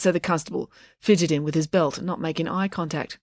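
A woman who is a children's author and podcast host, reading a bedtime story aloud in a slow, deliberate way. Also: fairly low pitch, no echo, clean studio sound.

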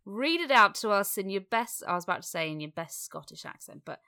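A woman's voice: medium pitch, expressive, brisk, creaky, pushed and bright, smooth. A woman co-hosting a casual podcast, candid and sweary, rambling through her points. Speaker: podcast co-host.

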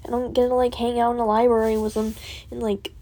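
A teenage girl venting in a rambling, laugh-filled way, with many fillers and curse words, dropping to a soft whisper at times. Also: fairly high pitch, flat delivery, quick pace. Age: teens. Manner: rambling, full of fillers and swearing, laughing often. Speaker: student vlogger. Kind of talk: rambling personal vent.

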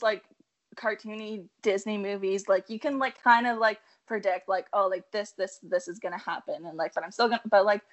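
A woman's voice: medium pitch, a bit bright. Young woman, co-host, bubbly, laughs often, filler-heavy casual talk. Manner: bubbly, giggly, many "like" fillers. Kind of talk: casual chat.

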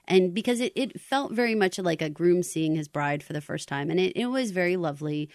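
A woman co-hosting a podcast, chatting casually about a show in an animated, exclamatory way and laughing often. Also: lowish voice, brisk, no room sound, clean studio sound. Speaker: podcast co-host. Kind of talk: casual chat reviewing a show.

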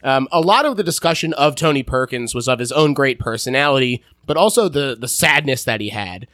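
Podcast host guy, middle-pitched, easygoing, super dry close sound. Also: a little fast, no room sound. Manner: relaxed, reads out production facts, laughs easily. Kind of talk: casual film discussion.

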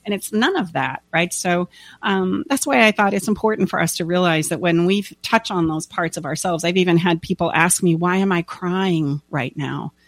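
Casting: woman coach, earnest and heartfelt, bursts into lively quoted voices, dry close sound. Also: on the low side, moderate pace, no room sound. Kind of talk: casual podcast conversation.

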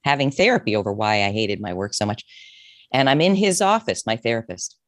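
A woman's voice: extremely low pitch, fast talker, no echo. Dry-sounding emotional woman telling her story. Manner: emotional, expressive, restarts often. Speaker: therapist and coach, author. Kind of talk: candid interview storytelling.

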